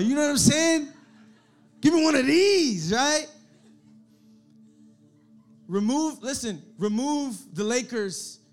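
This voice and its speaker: A man with a high voice delivers a lively sermon to a young crowd. He repeats his phrases, builds up to loud calls for the room to answer, and keeps the tone casual and direct. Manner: energetic, repetitive, calls for audience response. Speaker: young adult pastor.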